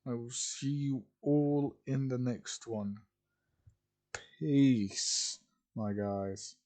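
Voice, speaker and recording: A man's voice: medium pitch, fairly even intonation, drawn-out words, warm tone. A tired, yawning man casually narrating his own fan story, rambling and apologetic.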